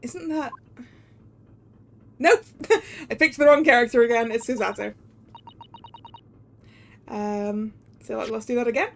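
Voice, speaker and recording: A woman's voice: fairly high pitch, a little slow, gravelly, pauses often, a little hiss or hum. A woman streamer chatting casually over a video game, self-deprecating and laughing easily.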